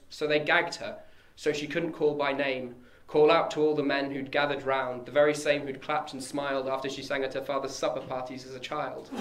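A man giving a measured, solemn dramatic verse reading. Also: medium pitch. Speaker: reader. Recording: echoey room.

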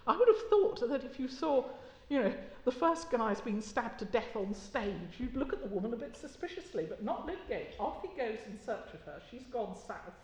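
A woman's voice: fairly high pitch, big pitch swings, moderate pace, few pauses. A woman giving an academic keynote lecture, with a wry, conversational delivery and occasional fillers. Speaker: keynote speaker. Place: lecture hall. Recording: echoey lecture hall.

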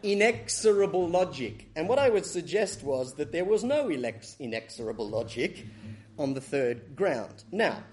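A man's voice: fairly high pitch, big pitch swings, normal speed, a little mellow, a little hiss or hum. A middle-aged man giving a law lecture, with dry wit, often correcting himself and chuckling at his own stories. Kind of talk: academic lecture with anecdotes.

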